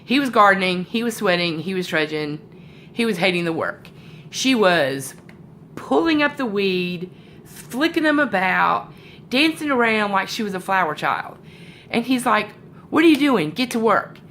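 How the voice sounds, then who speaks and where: A woman's voice: medium pitch, expressive, a little slow, a bit bright, slight background noise. A woman with a sore throat giving a casual motivational talk to her sales team from home, rambling with fillers and self-corrections.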